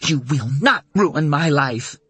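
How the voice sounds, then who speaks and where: A man's voice: high voice, animated, unhurried, slightly rough, dry recording, voice pushed up, full character voice. A man voicing a terrified young woman who screams and sobs while fighting off an attacker. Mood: frantic. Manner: screaming, sobbing, then dazed whispers.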